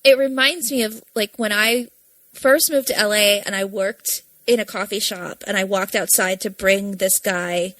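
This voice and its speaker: A woman's voice: mid-range voice, steady tone, moderate pace, a bit bright, no room sound, poor audio. A young woman co-hosting a casual podcast, chatty and profane, laughing often. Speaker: podcast co-host. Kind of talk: casual chat.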